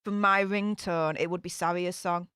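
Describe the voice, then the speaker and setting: A woman's voice: lowish voice, fairly even intonation, moderate pace, a bit bright, clear, resonant tone, no echo, studio quality. A woman with a Yorkshire accent chatting casually with her live-stream viewers, rambling with lots of fillers and restarts. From Northern England. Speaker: YouTube commentator reading live chat.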